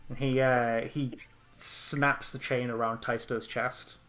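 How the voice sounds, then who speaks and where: Man game master narrating, middle pitch. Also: level tone, takes it slowly, sharp tone. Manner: loose narration with many fillers.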